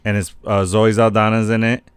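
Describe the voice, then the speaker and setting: This man talks in a lower register and his voice comes through smooth and clean. He co-hosts a podcast in loose, profane casual chat, full of quick asides. The sound is close and dry. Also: flat delivery, dry recording. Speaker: podcast co-host.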